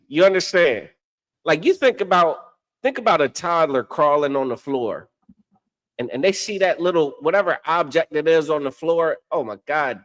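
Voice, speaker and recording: A man co-hosting a casual religious discussion, teaching in a preachy way, often asking "you understand?" and laughing at his own stories. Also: fairly high pitch. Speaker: podcast co-host and religious teacher.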